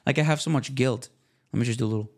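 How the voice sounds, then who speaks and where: A young man hosting his own podcast, talking casually in a rambling, self-deprecating way with slang and restarts, relaxed after smoking. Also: medium pitch, a little fast. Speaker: podcast host. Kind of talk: casual solo podcast monologue.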